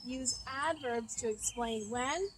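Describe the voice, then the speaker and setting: A woman's voice: on the high side, slow, noisy background. A woman teacher giving a recorded lesson, patient and methodical, spelling words out letter by letter with frequent um fillers. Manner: frequent um fillers, thinking aloud.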